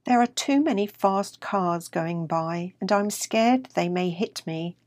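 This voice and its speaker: A woman voicing a gentle, timid young male house cat in a read-aloud storybook. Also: lowish voice, unhurried, no echo, clean studio sound, lightly acted.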